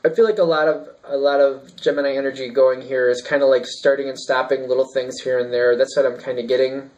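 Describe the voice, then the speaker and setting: A man's voice: mid-range voice, level tone, fairly quick, a little mellow, dull audio. A man giving a casual tarot reading, thinking aloud and rambling with fillers and restarts. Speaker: tarot reader.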